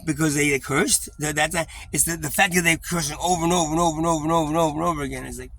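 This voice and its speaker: A man venting in a confessional vlog, his voice bright and edged as he wanders through memories. He swears freely and stalls on fillers, sometimes dropping to a low mutter. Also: fairly even intonation, a little hiss or hum. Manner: rambling, profane, halting with fillers. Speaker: vlogger.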